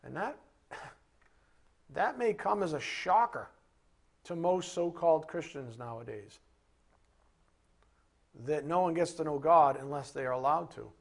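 Man, sermon, high voice, animated delivery, rhetorical questions. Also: unhurried, gravelly, long pauses. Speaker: Bible teacher.

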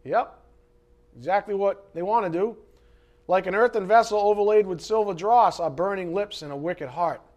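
Male preacher with a fairly high voice, delivering a dramatic sermon that swings between loud emphasis and hushed asides. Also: normal speed. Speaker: pastor.

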